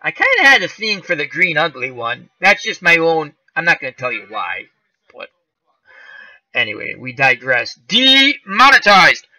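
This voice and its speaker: Rambling high-voiced man host. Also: sing-song, moderate pace, pushed and bright, no room sound, rough recording. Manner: rambling, chuckling, full of tangents. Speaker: channel host reading live chat. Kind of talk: casual live-stream chat.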